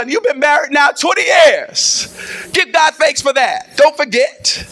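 High-voiced impassioned preacher man. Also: a little fast. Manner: impassioned, repeats phrases and swells into shouts. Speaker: pastor. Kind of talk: sermon.

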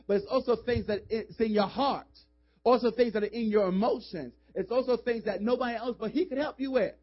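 A male pastor with a high voice preaches in a church, pressing his points with emphatic calls and casual, joking asides. The recording is dull and lo-fi. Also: fairly quick, faint music behind. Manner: emphatic, call-and-response urging. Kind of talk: sermon. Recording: dull lo-fi sermon audio.

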